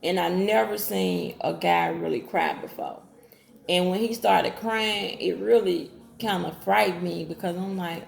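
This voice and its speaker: In an echoey room, a woman addresses viewers directly, casually relating her own story with Southern-style slang and voicing other people's words herself. Her voice is lowish and gravelly, with a measured pace.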